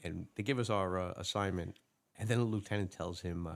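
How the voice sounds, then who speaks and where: A man's voice: deep voice, fairly quick, creaky. A man, a podcast host and former police officer, telling a story in casual chat with many fillers.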